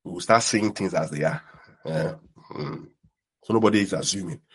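A young man preaching a sermon, animated and repeating his words as he goes. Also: low voice, moderate pace, breathy edge. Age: young adult. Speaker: pastor.

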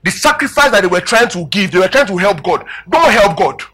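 Male preacher, emphatic sermon delivery, bright and forceful, husky edge. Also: sits high, a little fast. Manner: calls out questions to the congregation; emphatic, animated preaching with rising and falling volume.

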